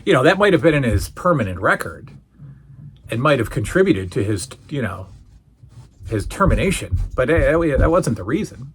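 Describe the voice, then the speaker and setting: A man hosting a casual solo recap, telling the story in an animated way and acting out the quoted lines. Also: medium pitch, moderate pace, a little hiss or hum. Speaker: podcast host reviewing old wrestling shows.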